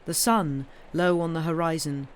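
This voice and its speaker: A woman reading a novel aloud on a livestream in a steady, measured storytelling way. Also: deep voice, a little hiss or hum. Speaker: reader.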